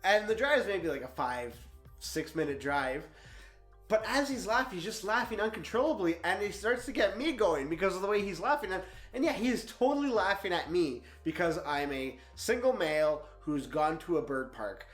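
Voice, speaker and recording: A young man in his twenties telling a travel story in a vlog, animated and laughing often as he talks. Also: high voice, moderate pace, roomy sound, faint music behind. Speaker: travel vlogger.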